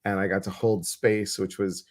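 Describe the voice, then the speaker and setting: A man's voice: sits low, little pitch movement, normal speed. A man with a Chicago accent hosting a casual live stream as a psychic medium, playful and rambling with many fillers.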